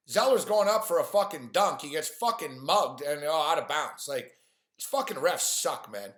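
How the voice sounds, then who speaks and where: A man's voice: on the high side, lively intonation, normal speed, fairly bright tone. A man ranting on a live stream about sports games and his bets, swearing often and sounding frustrated. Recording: echoey room.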